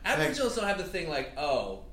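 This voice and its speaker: A man's voice: mid-range voice, very animated, fast, roomy sound, over a noisy crowd. A man co-hosting a casual podcast, joking and asking questions.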